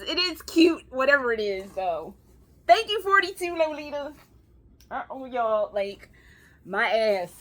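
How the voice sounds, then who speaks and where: A young woman vlogging an unboxing in a casual, excitable way, swearing freely and gushing over what she finds. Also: a little high. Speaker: fashion vlogger. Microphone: camera with ring light.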